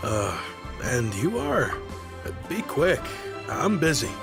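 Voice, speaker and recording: A man's voice: fairly high pitch, wildly swooping pitch, slow, vocal fry, exaggerated voice. A man voicing a busy, impatient townsman in a video game who speaks curtly. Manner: curt and impatient. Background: game music.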